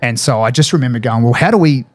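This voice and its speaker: Casually sharing a war story, an Australian podcast guest who once served as a paratrooper speaks in a mid-range, slightly mellow voice. He talks quickly, swears freely, and uses lots of fillers.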